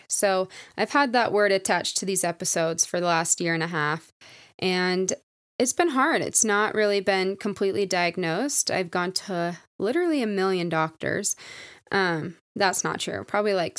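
A woman's voice: mid-range voice, no room sound. Candid young woman podcaster, dry sound. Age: 20s. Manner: candid, reflective, filler-heavy with lots of "like". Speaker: podcast host. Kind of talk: casual solo podcast storytelling.

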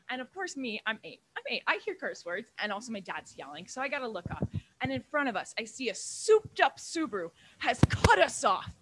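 A woman's voice: a little high, a bit bright. A young woman doing stand-up comedy in a small club, telling a rambling, profane story with lots of asides.

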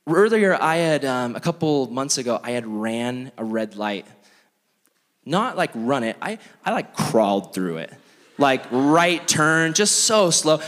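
A young man preaching as a youth pastor, telling stories in an animated, self-mocking way full of "like". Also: on the high side. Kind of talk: storytelling sermon. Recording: long reverb of a large hall.

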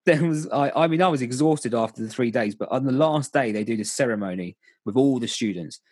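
A man's voice: medium pitch, fairly quick, darkish tone, breathy edge, dry recording. A young man casually telling stories about coaching kids, candid and rambling, often restarting his sentences. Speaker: volunteer youth coach. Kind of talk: casual storytelling chat.

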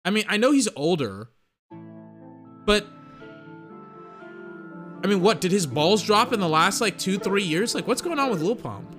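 A young man with a high, expressive voice talks at a measured pace, leaving long pauses. Chatty and rambling, he reacts casually to rap songs, doing mocking impressions while music plays behind him.

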